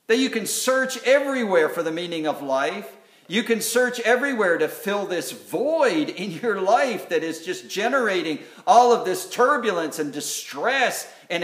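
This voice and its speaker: A man preaches in an earnest, searching way, often stopping to restart a thought. His voice sits a bit high for a man. The sound rings around a roomy church hall. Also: fairly bright tone. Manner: earnest, halting with many fillers and restarts. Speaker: pastor. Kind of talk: sermon. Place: church sanctuary.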